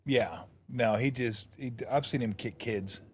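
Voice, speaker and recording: A man's voice: mid-range voice, a little slow, darkish tone, slight background noise. Joking, profane male sports host. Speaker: radio show host, former player. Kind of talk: casual sports talk.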